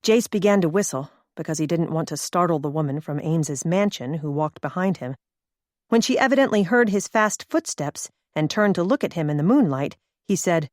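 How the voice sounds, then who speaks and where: A woman narrating an audiobook in a steady, measured storytelling manner. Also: sits low, no room sound, studio quality. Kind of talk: scripted narration.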